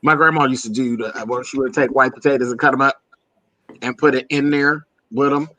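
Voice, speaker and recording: A man's voice: mid-range voice, steady tone, a little fast, bright, forceful tone. A man from Pennsylvania hosting a casual chat, talking easily and laughing, calling people honey and girl. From Pennsylvania, USA. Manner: chatty, laughing, calls listeners honey and girl. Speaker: host.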